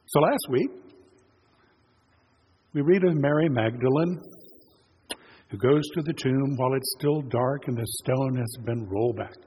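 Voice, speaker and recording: A man's voice: mid-range voice, darkish tone. A male pastor preaching a sermon, retelling a scripture story in a plain, conversational storytelling way. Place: church sanctuary. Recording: long church reverb, faint noise.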